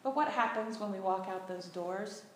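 A woman's voice: medium pitch, moderate pace, a little hiss or hum. A woman preacher delivering an earnest sermon in a church sanctuary, leading the congregation in call-and-response. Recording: very echoey church hall.

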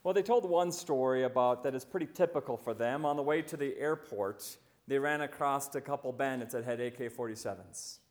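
A man preaching a sermon as a visiting pastor, telling stories and slowing down to stress key lines. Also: medium pitch. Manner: storytelling, slowing right down for emphasis.

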